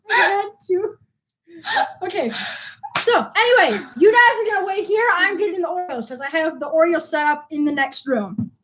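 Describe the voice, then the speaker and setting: High-voiced teasing woman hosting a stream. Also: animated, normal speed, fairly bright tone, low-quality recording. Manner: bossy and teasing, laughs often. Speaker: stream host. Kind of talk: casual live stream food challenge.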